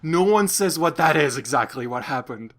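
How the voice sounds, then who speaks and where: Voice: medium pitch, expressive, normal speed, a bit bright. A let's play host giving casual, hesitant commentary while starting a game. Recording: game music in background. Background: game music.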